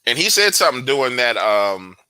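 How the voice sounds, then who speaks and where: A man in casual conversation, telling stories in a slangy, profane, animated way. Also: mid-range voice, brisk, clear, resonant tone, dry recording. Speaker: guest investigator.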